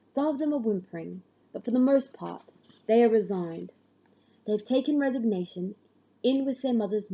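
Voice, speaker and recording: A woman reading a literary story aloud in the first person, measured and grave, on a dull lo-fi recording. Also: mid-range voice, mellow, slightly rough. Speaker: audiobook reader.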